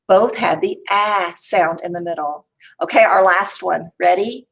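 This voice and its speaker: A woman teacher leading a young children's phonics lesson, sounding out words slowly and playfully. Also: fairly low pitch. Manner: slow, exaggerated sounding-out with playful reveals. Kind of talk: early-grade phonics lesson.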